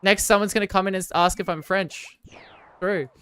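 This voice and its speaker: A woman's voice: mid-range voice, fairly even intonation, a little fast, smooth. A young Australian woman streamer from Victoria, chatting casually and sarcastically with her viewers. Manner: joking, sarcastic, loud bursts of protest. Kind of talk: casual live-stream chat reading viewer comments.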